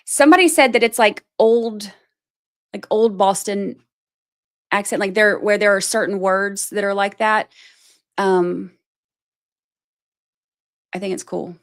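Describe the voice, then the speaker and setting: On a livestream, a woman with a medium-pitched voice talks about a court case in an unhurried way, pausing often. She rambles and thinks aloud, sprinkling in "like" and "you know," pokes fun at herself, and reads the chat aloud while commenting on the trial.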